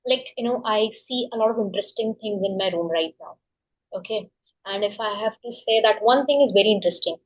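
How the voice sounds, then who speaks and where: A woman's voice: a little high, muffled recording. A woman learning English in a casual practice conversation, eagerly asking about word choices. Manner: eager, asks many questions.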